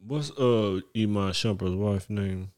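A man co-hosting a casual podcast, joking and teasing in quick banter. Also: fairly low pitch, a little mellow, clean tone, dry recording, clean studio sound. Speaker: podcast co-host. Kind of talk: casual chat.

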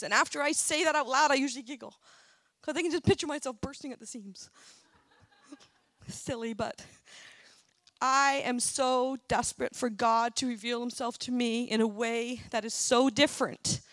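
A woman's voice: a little high, steady tone, normal speed, a bit bright, dry recording. A middle-aged woman sharing a personal testimony at church, earnest and emotional. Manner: earnest, emotional, tearful at times. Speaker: church speaker.

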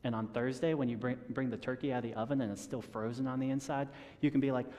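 A man preaching a sermon in a relaxed conversational way, chuckling at his own stories and often restarting his sentences. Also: mid-range voice, quick pace, in a large hall. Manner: conversational, self-deprecating with chuckles and repeated restarts. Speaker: pastor.

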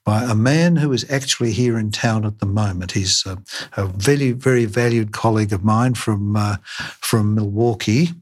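An older surgeon speaks in an interview, his voice low and a little husky. He talks haltingly, filling gaps with "uh" and "um" and restarting his sentences as he recalls his work. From Australia. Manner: halting, many fillers and restarts. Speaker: craniofacial surgeon.

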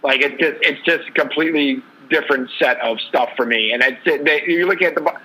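Bright-voiced man telling sports history. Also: on the high side, fairly quick, husky, low-quality recording. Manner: storytelling, loose and rambling. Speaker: podcast co-host. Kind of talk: casual sports chat.

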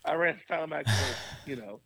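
An animated male pastor talking as an interview guest, his voice a bit higher than most men's. He laughs often and swings his pitch as he tells a story. The sound is dry and close. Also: brisk, slightly rough, no room sound.

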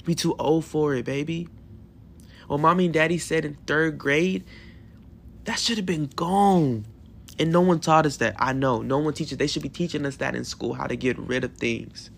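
A man in his twenties hosting a solo podcast in a hotel room, talking in an emotional, affirming way with animated bursts. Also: fairly high pitch, normal speed, vocal fry, slight background noise. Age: 20s. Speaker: podcast host.

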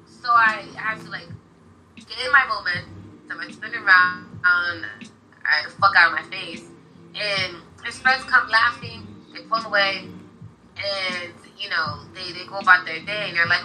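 A woman's voice: mid-range voice, moderate pace, bright, forceful tone, soft background music, poor audio. A young woman in casual conversation, talking bluntly and heatedly and swearing freely.

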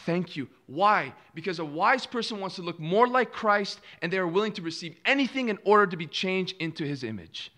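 A man preaching a sermon in a bright, forceful voice pitched a little above the usual male range. He leans on rhetorical questions, dropping to a near hush and then surging louder as he acts out what people say. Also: animated, brisk, hardly any pauses. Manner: rhetorical questions, acts out quoted replies with dramatic dips and swells in volume.

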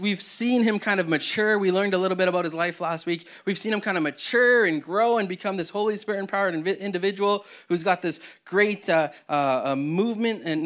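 A man, a pastor, preaching a conversational sermon to his church with energetic, casual delivery and frequent restarts. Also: sits high.

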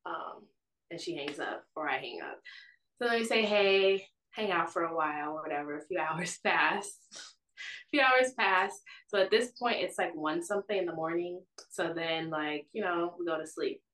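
A woman's voice: fairly low pitch, normal speed, sharp tone, roomy sound, far from the mic, low-quality recording. A young woman casually telling a personal story, filling her speech with "like" and "or whatever.". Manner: chatty, constant fillers of "like" and "or whatever".

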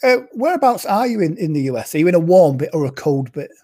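A man's voice: a little high, very animated, fast talker, dark tone. A man hosting a casual online show, chatting and joking as he reads out comments from viewers. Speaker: podcast host. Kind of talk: casual chat.

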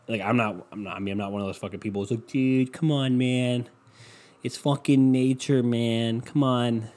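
A man's voice: on the low side, a little mellow. A man hosting a casual solo podcast, rambling and swearing freely, packing his talk with "you know" fillers. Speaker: podcast host.

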